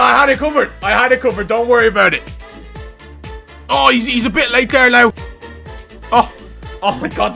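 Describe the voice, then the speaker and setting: A young man giving loud, boastful live commentary over his own gameplay, often laughing and shouting. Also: extremely high pitch, creaky. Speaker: gaming youtuber.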